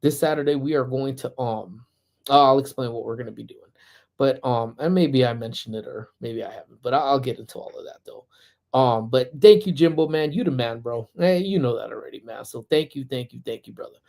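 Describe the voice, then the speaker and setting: Mellow-voiced man rambling on a livestream. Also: mid-range voice, brisk, creaky. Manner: rambling, greets chat viewers by name; heavy "you know" fillers and restarts. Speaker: livestream host. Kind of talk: casual livestream chat.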